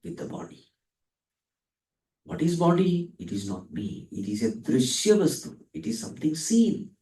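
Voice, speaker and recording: A man's voice: on the high side, very animated, dark tone, far from the mic. Man teaching in an echoey room. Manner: asks and answers his own questions; dwells on Sanskrit terms, drawn out slowly. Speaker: spiritual teacher. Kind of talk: Vedanta discourse.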